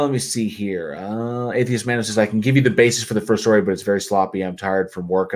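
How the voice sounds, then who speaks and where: A somewhat low-voiced man hosts a late-night livestream and reads viewer comments aloud. He sounds tired but stays chatty and jokey, laughing often. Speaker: livestream host. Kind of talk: casual livestream chat reading viewer comments.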